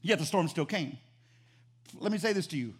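High-voiced pastor preaching with fervor. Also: male voice, normal speed, husky. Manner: animated preaching with emphatic repetition. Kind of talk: sermon.

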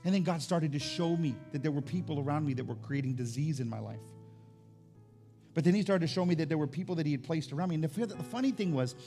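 A man preaching a sermon in a conversational, testimony style. He often repeats words as he builds up, and he climbs higher and louder when stirred. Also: fast talker, soft background music. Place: church service.

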